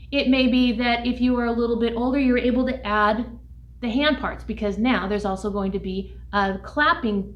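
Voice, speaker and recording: A woman music teacher leads a lesson for young children in a bright, fairly high voice, speaking slowly and clearly and keeping her tone upbeat. She sounds a bit distant from the microphone. The room around her gives off a noticeable echo. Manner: shouts chant calls in a high voice.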